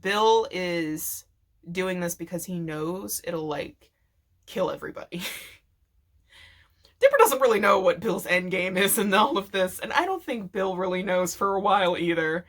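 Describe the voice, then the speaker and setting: A woman's voice: on the low side, expressive, unhurried, a bit bright. A woman vlogger casually telling a rambling, profanity-laced story, laughing often as she goes.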